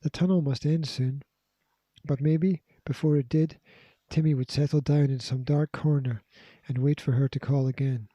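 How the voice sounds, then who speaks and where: A man reading a children's adventure story aloud in a steady, expressive way. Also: on the high side, moderate pace, no echo. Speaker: narrator. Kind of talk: audiobook narration.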